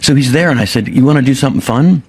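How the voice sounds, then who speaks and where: A middle-aged man, a comedian guest, telling a story in an animated, halting way with many restarts. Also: medium pitch, slightly rough. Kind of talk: casual storytelling.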